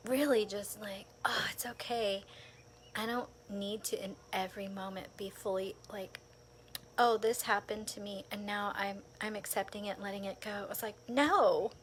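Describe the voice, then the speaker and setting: A woman casually recounting a personal experience, lively and animated, often saying "like" and laughing between thoughts. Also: medium pitch, background noise. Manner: animated storytelling with frequent laughs, filler "like". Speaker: vlogger.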